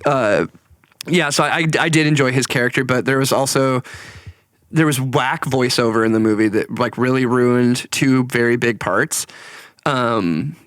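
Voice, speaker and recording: A man's voice: mid-range voice, a little slow, fairly bright tone, no echo, studio quality. A young man co-hosting a casual podcast, laughing often, swearing and acting out movie lines as he reviews films. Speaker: podcast co-host. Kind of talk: casual chat.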